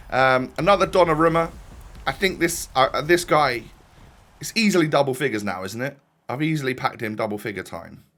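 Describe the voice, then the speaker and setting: A man's voice: mid-range voice, fairly bright tone. A young man giving casual, rambling commentary as he plays, often breaking off and restarting his sentences. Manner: rambling, chatty, self-interrupting. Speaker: gaming YouTuber.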